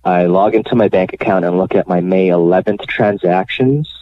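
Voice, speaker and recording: A man being interviewed on the radio, telling his own story in a candid, animated way with many fillers. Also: sits low, moderate pace, no room sound. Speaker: guest telling his bank fraud story. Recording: dry phone line.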